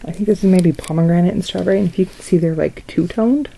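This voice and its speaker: A woman's voice: on the low side, quick pace, creaky, dark tone, slightly rough, low-quality recording. A young woman chatting casually in a haul video, gushing and reacting as she sniffs and shows each item. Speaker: vlogger showing a wax haul.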